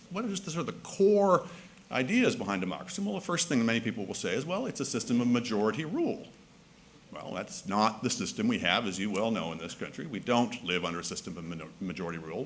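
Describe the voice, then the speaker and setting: A man's voice: medium pitch, fairly bright tone. A man giving a public speech at an assembly, wry and argumentative, often restarting his sentences with fillers. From Canada. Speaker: speaker. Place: assembly hall.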